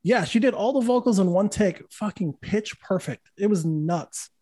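A man in his thirties with a high-pitched voice chats casually as a podcast host. He tells his stories with animation, swears freely and acts out the people he quotes. The sound is dry and close, with no room in it. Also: animated, moderate pace, dark tone, dry recording. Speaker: podcast host and guitar teacher. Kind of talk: casual conversational storytelling.

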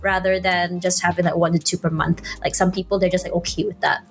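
A woman's voice: fairly low pitch, little pitch movement, fast talker. A woman guest on a podcast, chatting casually and laughing easily, with lots of "like" fillers.

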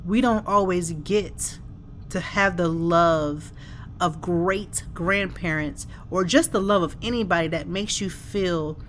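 A woman's voice: on the low side, takes it slowly, slight background noise. A middle-aged woman hosting a podcast from her home office, talking in a heartfelt, conversational way. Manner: heartfelt, conversational, with frequent "like" and "you know". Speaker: podcast host. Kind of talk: reflective podcast monologue.

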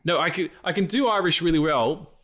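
A man's voice: on the high side, brisk, fairly bright tone. A man in his late thirties co-hosting a podcast, chatting loosely with swearing, laughs and restarts. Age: late 30s. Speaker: podcast co-host. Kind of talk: casual chat.

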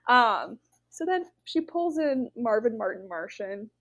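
A young woman co-hosting a podcast, retelling events in a casual, animated way with many fillers. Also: on the high side, unhurried. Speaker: podcast co-host. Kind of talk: casual chat.

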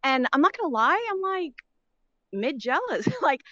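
Middle-aged woman caller, higher voice, rambling and emotional, dull dry phone-call sound. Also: lively intonation, normal speed, sharp tone, dry recording. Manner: rambling, emotional, frequent fillers and nervous laughs. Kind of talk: call-in conversation. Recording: dull lo-fi line.

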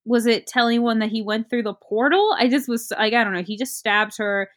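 A woman in casual chat, recapping a movie plot in a rambling, halting way with many fillers. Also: fairly high pitch, steady tone, fairly bright tone.

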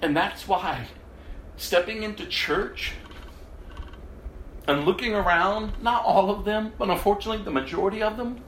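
A man giving an emotional sermon testimony, moving from hushed quotes to loud outbursts. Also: sits high, moderate pace, long pauses, reverberant, slight background noise. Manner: emotional, swings between hushed quoting and loud exclamation.

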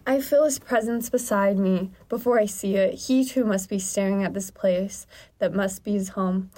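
A woman's voice: mid-range voice, steady tone, normal speed, dark tone. A woman co-hosting a comedy podcast, reading a silly romance story aloud in a melodramatic, hammy way and breaking into laughter. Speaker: podcast co-host.

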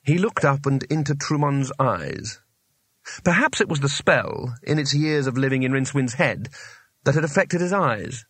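Guy reading a fantasy audiobook, lively bouncy pitch, dry close studio sound. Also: no echo. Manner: expressive, measured storytelling. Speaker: audiobook narrator. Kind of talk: scripted narration.

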